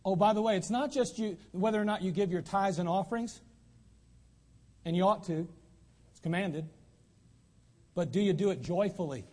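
A man's voice: high voice, normal speed, pauses often, darkish tone. A man preaching a sermon as pastor, emphatic and repeating lines for stress. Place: church sanctuary.

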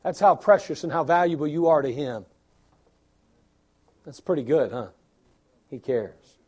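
Older guy pastor preaching, high voice, repeats himself, gets worked up in waves. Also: lively intonation, measured pace, darkish tone, husky. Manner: preaching with rising bursts of emphasis and repetition. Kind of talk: sermon.

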